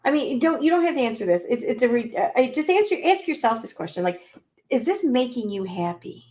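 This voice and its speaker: A woman's voice: a little high, big pitch swings, fairly quick, darkish tone. A woman hosting a commentary channel, reacting to clips with sarcastic, exasperated rants full of swearing.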